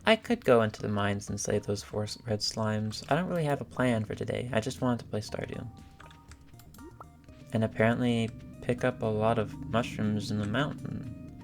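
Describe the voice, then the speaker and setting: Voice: mid-range voice, moderate pace, soft background music. Rambling gamer thinking aloud. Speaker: gaming channel host. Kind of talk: casual let's-play commentary.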